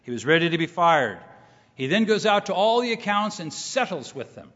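A middle-aged male preacher with a slightly high voice delivers a sermon with emphasis, circling back on key phrases. His voice rings out in a large reverberant hall. The recording is muffled and dull. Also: sing-song, moderate pace, fairly bright tone. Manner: emphatic, repeats key phrases, rises when quoting scripture. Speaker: pastor.

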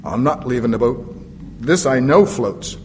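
Man voicing timid stammering sailor, low-ish nervous voice, reverberant hall. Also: expressive, unhurried, darkish tone, slight background noise, lightly acted. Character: timid male sailor clinging to a boat. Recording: long reverb of a large hall.

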